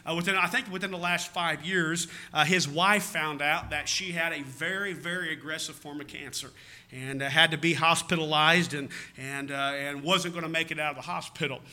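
A man's voice: fairly high pitch, steady tone, normal speed, bright, forceful tone. A man with a Southern American accent preaching a sermon in a folksy, rambling way, often calling out "amen?" to his church. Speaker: pastor.

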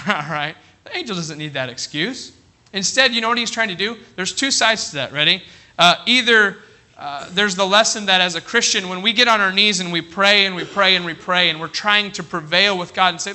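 Bright-voiced preacher, high and energetic. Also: male voice. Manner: keeps asking the congregation "you ready?"; reads scripture aloud in a slower, quieter voice. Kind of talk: sermon. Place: church congregation.

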